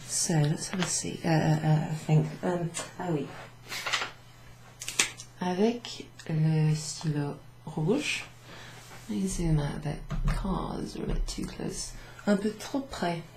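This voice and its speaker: Woman language teacher, low and unhurried, echoey room with faint hiss. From Wales. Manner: slow, patient explaining, switching between English and French. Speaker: French teacher. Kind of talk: relaxed classroom recap lesson.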